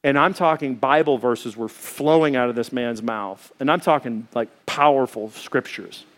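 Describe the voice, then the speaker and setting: A man preaching a sermon, telling a story in an animated, colloquial way. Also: mid-range voice, normal speed.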